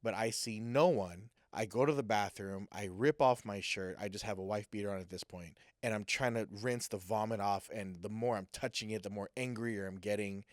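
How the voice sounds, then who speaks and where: A man telling a personal story in a casual, animated way, acting out what people said. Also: lowish voice, normal speed, hardly any pauses, dry recording, studio quality. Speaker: guest sharing a personal testimony.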